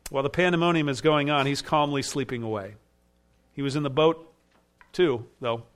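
A man's voice: medium pitch, moderate pace. A man preaching an expository sermon with emphatic rising bursts. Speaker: pastor.

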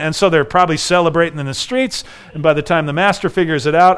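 A middle-aged man preaching a sermon, telling a story with animated voices for the figures. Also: a little high, fast, clear, resonant tone. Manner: animated storytelling, acts out dialogue. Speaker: pastor.

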